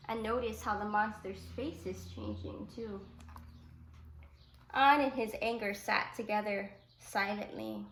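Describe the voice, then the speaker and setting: A woman teacher reading a picture book aloud to children, with gentle asides explaining the story. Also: medium pitch, steady tone, measured pace, slight background noise. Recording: echoey room.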